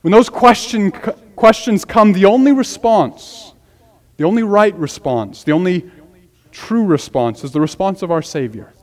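A man's voice: high voice, animated, measured pace, a little mellow. A man preaching an expository sermon as pastor, earnest and emphatic, repeating key phrases for weight. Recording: long hall reverb.

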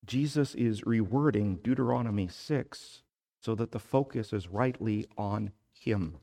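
A male pastor delivering a sermon at a slow, unhurried pace, with a voice of ordinary middle pitch. He speaks deliberately and rises into emphatic force when he reads passages aloud. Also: warm tone.

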